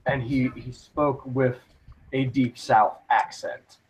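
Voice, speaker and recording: Slow-talking, laughing male co-host. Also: medium pitch, steady tone, a little hiss or hum, rough recording. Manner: laughing, profane, drawn-out speech. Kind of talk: casual banter on a talk show.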